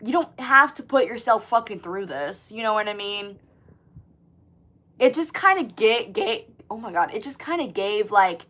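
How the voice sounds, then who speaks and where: A woman's voice: medium pitch, moderate pace. A woman in her twenties hosting a casual livestream, chatting to viewers and reading comments, swearing freely and filling her talk with "like". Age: 20s. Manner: chatty, swears often, lots of "like", animated. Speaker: livestream host.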